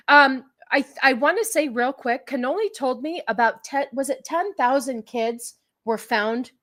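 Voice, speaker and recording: A woman's voice: high voice, a little slow, few pauses, a bit bright. A woman hosting a casual livestream podcast, talking in a sarcastic, mocking way and laughing often. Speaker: podcast host.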